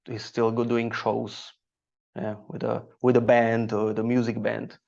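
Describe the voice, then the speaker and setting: A man from Slovakia with a Slovak accent, a stand-up comedian chatting on a podcast, halting, with many fillers and restarts. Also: mid-range voice, completely flat delivery, gravelly, darkish tone, muffled recording. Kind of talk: casual podcast chat.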